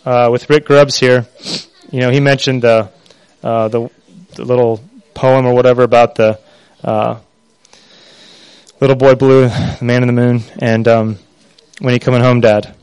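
A man preaching a sermon in an earnest, halting way, with many pauses and fillers. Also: mid-range voice, little pitch movement, darkish tone, clean tone, no echo, rough recording.

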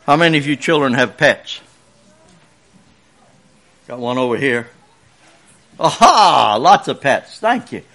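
A man's voice: medium pitch, lively intonation, takes it slowly, long pauses, a bit bright. A man closing a church service by telling the children a chatty, folksy story and asking the congregation questions.

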